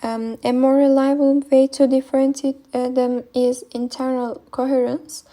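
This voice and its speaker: With a high, mellow voice and level tone, a young Turkish-accented woman reads a linguistics presentation at a moderate pace. As a non-native speaker, she hesitates frequently, saying um and uh many times.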